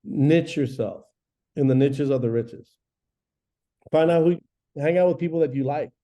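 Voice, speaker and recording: A man in his forties, a real estate agent teaching a class in an energetic, chatty way, often acting out phone calls. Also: on the high side, a little slow. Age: 40s. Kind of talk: live training class talk. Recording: dull lo-fi recording.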